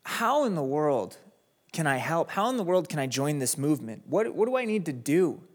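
A man's voice: a little high, sing-song, normal speed. A young adult man hosting an interview, speaking earnestly and reflectively. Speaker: host. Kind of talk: casual interview talk.

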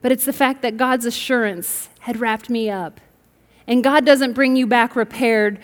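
A middle-aged woman preaches with emphatic, building delivery, her voice pitched high. She tells stories and calls on the congregation to answer back. The sound rings with the long reverb of a large church hall. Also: steady tone, measured pace. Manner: emphatic, rising to bursts, asks the congregation to respond. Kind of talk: sermon with storytelling.

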